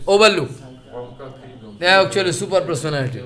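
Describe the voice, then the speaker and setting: High, bright-voiced man lecturing slowly. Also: expressive. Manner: halting speech with many fillers and repetitions; chants verses slowly. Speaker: spiritual lecturer. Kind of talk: scripture lecture.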